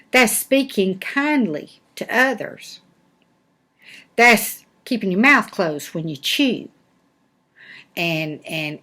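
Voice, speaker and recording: An older woman, a grandmother, reading a storybook aloud to her grandchildren in a gentle, chatty way with asides. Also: mid-range voice. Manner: slow, gentle, chatty with asides and little laughs. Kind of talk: storybook read-aloud to children.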